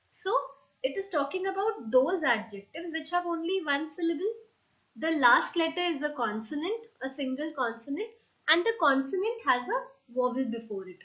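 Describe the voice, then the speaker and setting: Female grammar teacher, patient and methodical, spells out letters; high voice. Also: animated, normal speed, a bit bright. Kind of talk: classroom grammar lesson. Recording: dull lo-fi recording.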